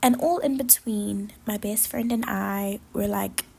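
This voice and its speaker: Gravelly, husky young woman podcaster. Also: medium pitch, a little slow, darkish tone. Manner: rambling, gushing, full of fillers. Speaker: podcast host. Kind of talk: casual solo chat.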